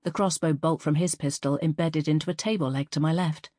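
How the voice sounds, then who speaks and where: A woman narrating a first-person fantasy story as an audiobook reader, in a measured, even storytelling manner. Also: sits low, dry recording, clean studio sound.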